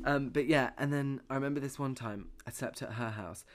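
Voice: mid-range voice, brisk. A podcast co-host, telling a story in a casual, giggly, jokey way and cutting in with quips.

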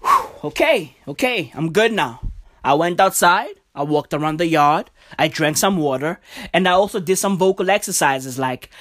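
A woman's voice: sits low, animated, normal speed. A woman hosting a podcast, ranting about football in a profane, stammering, overexcited way. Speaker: podcast host. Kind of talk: casual football rant.

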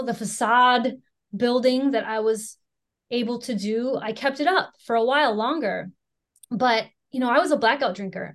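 A young American woman with a somewhat higher voice speaks in a candid personal testimony. She talks frankly and with self-deprecating humor. Her speech is loose and conversational, full of "you know" and "right". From Chicago area, United States. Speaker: speaker sharing recovery story.

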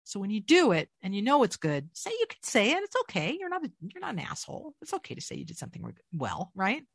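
A middle-aged woman speaks as a guest in a casual interview, swooping freely up and down in pitch. Her voice sits dry and close, with no room around it. She tells her stories with an animated, self-mocking humor. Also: fast talker, creaky, slightly rough, dry recording. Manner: animated, self-deprecating storyteller. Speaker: voice actor, guest.

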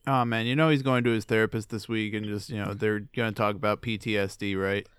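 A man's voice: on the low side, fairly even intonation, fast talker, fairly bright tone, clean tone, dry recording, studio quality. A man co-hosting a casual sports chat podcast, wry and teasing. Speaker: podcast co-host.

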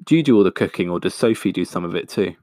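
A man voicing a nervous young man, jokey, casual, low voice, dry close sound. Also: lively intonation, quick pace, darkish tone, dry recording.

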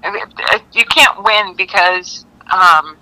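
Woman, very bright tone, podcast guest, curious, short questions. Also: mid-range voice, slow, rough recording. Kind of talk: casual podcast chat.

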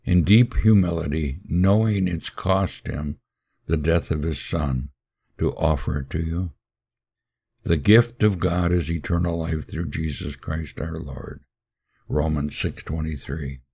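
A male preacher on a podcast tells a sermon story, solemn and measured. His extremely low voice has a gravelly edge and a dark tone, and he speaks at a slow, deliberate pace.

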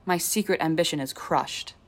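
A woman reading as a sneering cold young man. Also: low voice. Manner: slow, clipped, contemptuous delivery.

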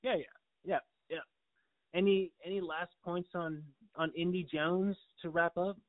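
A man with a fairly high voice steers a relaxed talk about a movie. He asks questions and answers with short, easy agreement. The sound is dry and narrow, like a phone call. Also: unhurried, dry recording. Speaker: movie podcast co-host. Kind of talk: casual chat. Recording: tinny phone-like line.

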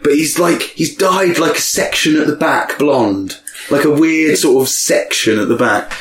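A man's voice: a little high, measured pace, a bit bright. Male co-host, casual music chat, trivia with jokey asides, roomy sound. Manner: chatty, reads out song trivia with jokey asides. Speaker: podcast co-host.

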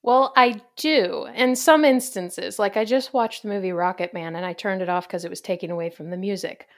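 Chatty, easygoing woman host for a casual podcast, quick to laugh. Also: mid-range voice. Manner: chatty and upbeat, laughs easily.

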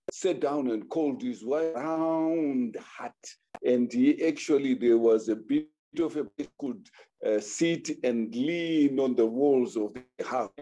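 A man's voice: medium pitch, dark tone. A man telling a folk tale aloud, acting out the characters with animation. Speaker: storyteller. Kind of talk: oral folk storytelling.

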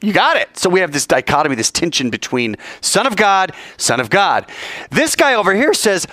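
Animated man preaching a sermon. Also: sits high, moderate pace, no echo. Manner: animated storytelling, acts out voices.

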